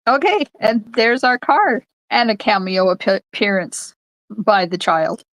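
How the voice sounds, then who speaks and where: Older lady doing a live card-making stream from her craft room, gravelly, unhurried, chatty with viewers, dry sound. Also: medium pitch, no echo, low-quality recording. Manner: chatty, talks to viewers while stamping.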